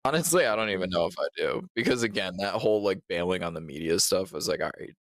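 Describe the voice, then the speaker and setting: A man's voice: low-pitched, expressive, fast, dry recording. A man co-hosting a podcast in casual chat, blunt, sarcastic and profane. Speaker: podcast co-host.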